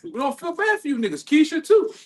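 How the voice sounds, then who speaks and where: High-pitched male street preacher, profane and scornful banter. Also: very animated, fast. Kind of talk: heated street-camp banter.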